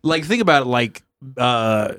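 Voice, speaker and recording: A man hosting a comedy podcast in a mid-pitched voice, riffing and laughing through loose banter. His voice sits close and dry on the mic, with nothing of the room around it. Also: expressive, measured pace, a bit bright, no echo. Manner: joking, laughs often, riffs on bits. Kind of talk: casual comedy podcast chat.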